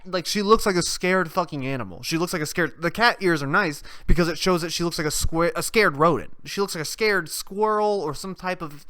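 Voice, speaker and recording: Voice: medium pitch, a little fast, bright, forceful tone, clean tone. Profane rambling young podcast host. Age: young adult. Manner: profane, rambling, sarcastic, laughs at own jokes. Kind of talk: off-the-cuff solo rant.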